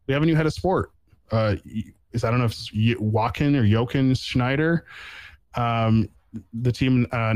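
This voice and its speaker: A man's voice: medium pitch, a little mellow, dry recording, rough recording. A man hosting a casual sports podcast, rambling with lots of fillers and restarts. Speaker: podcast host.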